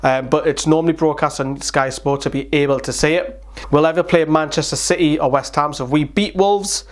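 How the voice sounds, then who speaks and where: A young man gives a casual, rambling vlog update. He sounds worn out but stays chatty, his voice pitched a little above the usual male range. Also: fairly even intonation, fairly quick. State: tired. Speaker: fan channel host.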